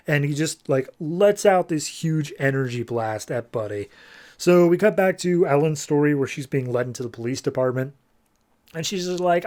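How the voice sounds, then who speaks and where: A man hosting a comics podcast, giving a casual, quick recap of the plot and briefly acting out characters' lines. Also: fairly high pitch, darkish tone. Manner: retells scenes, briefly voicing characters in quotes. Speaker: podcast host.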